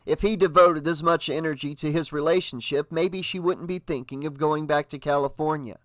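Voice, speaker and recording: A man narrating an audiobook with a dramatic, expressive reading. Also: fairly high pitch, moderate pace, no room sound. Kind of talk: audiobook narration with character voices.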